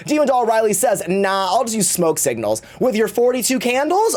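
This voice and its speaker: A man's voice: high-pitched, very animated, normal speed, a little mellow. A man streaming live, chatting casually in a campy, theatrical way and swearing freely.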